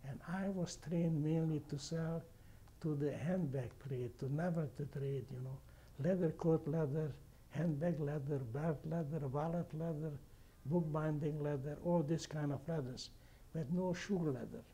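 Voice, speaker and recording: An older man with a heavy foreign accent, not a native English speaker, recalling his life in a halting way, with restarts and repeated words. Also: a little high, mellow, husky. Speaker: interviewee. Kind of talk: oral history recollection.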